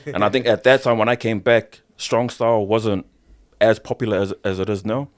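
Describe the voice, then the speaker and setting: Kiwi guy w a lowish voice, wrestler on a podcast, super casual, lots of bro and swearing. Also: steady tone, moderate pace. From New Zealand. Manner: loose slangy talk, swears often, says "bro". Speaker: professional wrestler, podcast guest. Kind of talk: casual interview storytelling.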